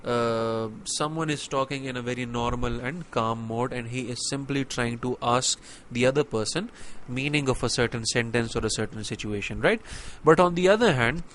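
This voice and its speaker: Young man, lecturer, mid pitch, filler-heavy explanatory delivery, faint background hiss. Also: normal speed, fairly bright tone. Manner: explanatory, with many fillers and rhetorical "right?". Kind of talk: university lecture.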